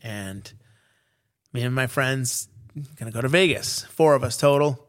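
A man's voice: mid-range voice, unhurried. A man in his forties hosting a podcast, telling a story in casual chat and acting out the other people in it. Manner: animated storyteller, acts out quoted voices. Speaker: podcast host.

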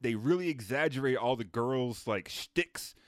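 A man hosting a casual film review podcast, animated and profane, with lots of fillers. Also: medium pitch, normal speed, no room sound, clean studio sound. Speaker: podcast host.

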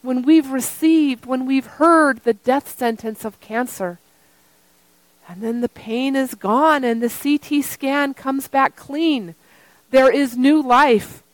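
A woman pastor preaching a sermon in slow, repeated phrases, at times singing a refrain. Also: high voice, no room sound, rough recording.

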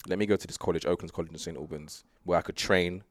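In studio-quality sound without any room sound, a young sprinter talks loosely as an interview guest at a quick pace in a low voice. The chat is casual, and he's relaxed and rambling, full of fillers and laughter.

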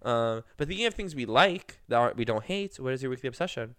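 A man's voice: mid-range voice, fast, smooth, dry recording. A young man co-hosting a podcast, telling stories in casual chat, rambling with plenty of fillers and acting out what other people said. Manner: rambling, filler-heavy storytelling with many 'like's; animated, acts out quoted people. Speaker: podcast co-host.

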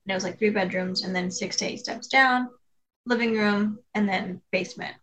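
A woman's voice: medium pitch, normal speed, fairly bright tone, poor audio. A woman co-hosting a podcast, beginning a story in chatty, casual talk. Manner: chatty, many "like" fillers. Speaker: podcast co-host.

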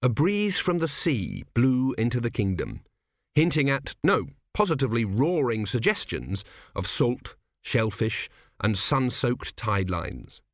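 A man reading an audiobook aloud in a measured, wry storytelling manner. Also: medium pitch, huge pitch swings, no echo, clean studio sound. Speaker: audiobook narrator. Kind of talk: scripted narration.

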